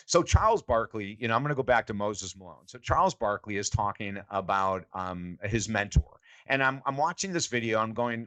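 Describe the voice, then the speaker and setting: An older man, a sports psychology coach, telling lively stories in a podcast interview and acting out the quotes. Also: fairly low pitch, a little fast. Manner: animated storyteller, acts out quotes.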